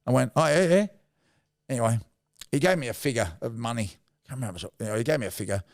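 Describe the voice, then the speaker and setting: A man's voice: mid-range voice, rapid-fire, darkish tone. A middle-aged Australian man telling rambling, blokey anecdotes as a podcast guest, with mild swearing. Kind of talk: casual storytelling.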